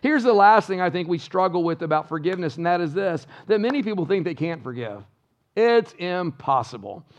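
A man's voice: high-pitched, animated, brisk. A male pastor preaching a sermon in church, emphatic and full of rhetorical questions to the congregation. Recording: dull lo-fi sound.

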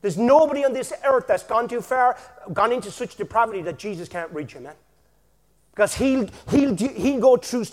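A man preaching energetically in a church, with bursts of shouting and a constant "amen?". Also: extremely high pitch, big-room sound. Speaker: pastor. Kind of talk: sermon.

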